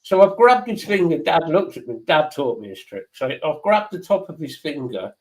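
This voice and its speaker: A man's voice: fairly high pitch, normal speed, low-quality recording. A man who hosts a casual stream chat and tells blunt, swearing stories. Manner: swearing, blunt, animated storyteller. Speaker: stream host.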